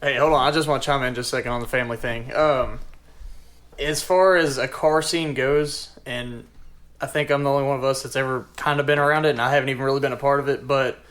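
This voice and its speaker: A man's voice: medium pitch, fairly even intonation, fast talker, a bit bright. A man guesting on a casual movie podcast, speaking in an earnest, rambling way. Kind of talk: casual chat.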